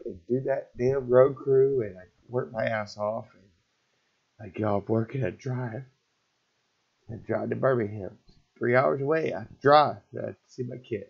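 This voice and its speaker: A middle-aged man telling an emotional personal story in a halting, repetitive, raw way. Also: medium pitch, gravelly, slightly rough. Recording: dull lo-fi recording.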